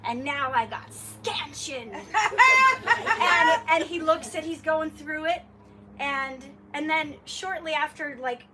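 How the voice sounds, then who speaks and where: A woman's voice: high voice, takes it slowly. Woman sharing funny stories at a memorial, laughs a lot, kinda far from the mic with noise behind. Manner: animated, laughing, acts out dialogue. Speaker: speaker at a memorial gathering. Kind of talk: storytelling tribute. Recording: distant mic with clear background noise.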